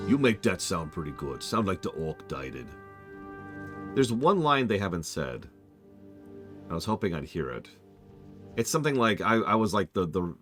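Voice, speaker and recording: A man's voice: deep voice, measured pace, soft background music. A man streaming a game, chatting casually and joking while he plays. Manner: lively, joking, self-correcting. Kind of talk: casual gaming commentary.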